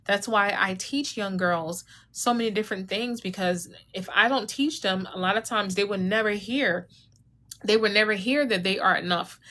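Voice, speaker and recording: Bright-voiced woman coaching on a live stream. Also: mid-range voice. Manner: direct, coaching, addresses viewers as y'all; conversational, drops into quoted mom voices. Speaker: etiquette and self-esteem coach. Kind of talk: live-stream talk to viewers.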